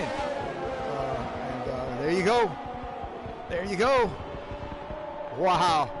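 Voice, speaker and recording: A man commentating a sim-racing league live and interviewing drivers afterward, excitable and whooping, calling everyone "man" and "baby". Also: sits high, moderate pace, pauses often, very noisy. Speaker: race commentator and league host.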